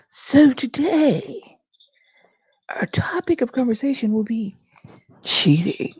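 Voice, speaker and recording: A woman's voice: a little high, lively intonation, takes it slowly, pauses often, a little mellow, husky, low-quality recording. A woman co-hosting a casual livestream, half-whispering and chatting into a tiny clip-on mic. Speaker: livestream co-host. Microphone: small clip-on mic.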